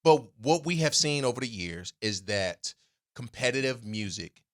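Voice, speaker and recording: Animated bright-voiced man telling stories. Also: mid-range voice, normal speed. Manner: animated storytelling, restarts, emphatic asides. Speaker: podcast co-host. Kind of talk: casual chat.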